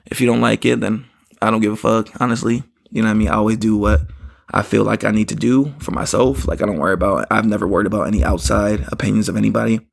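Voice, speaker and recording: A man's voice: fairly low pitch, steady tone, fast talker, gravelly. A man hosting a podcast, telling a story in a rambling casual way and often saying "you know what I mean". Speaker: podcast host.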